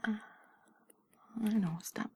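A young adult woman in a whispered role-play, speaking in an intimate, teasing whisper close to the microphone, with soft hums and giggles. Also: takes it slowly, no room sound.

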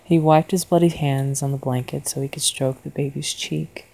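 A woman narrating a horror story in a quiet, deliberate manner. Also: low-pitched, fairly even intonation, vocal fry, low-quality recording.

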